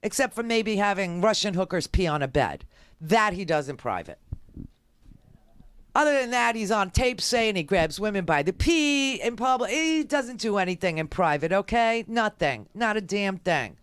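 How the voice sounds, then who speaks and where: A woman's voice: mid-range voice, animated, moderate pace, clear, resonant tone, dry recording. A woman talk radio host giving a sarcastic, ranting political monologue.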